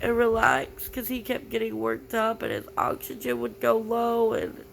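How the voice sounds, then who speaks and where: A young woman vlogging through tears, halting and grief-stricken, with many "like" fillers. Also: a little high, animated, vocal fry, a little hiss or hum, low-quality recording. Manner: halting, full of "like" fillers, grieving. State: tearful. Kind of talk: personal confessional vlog.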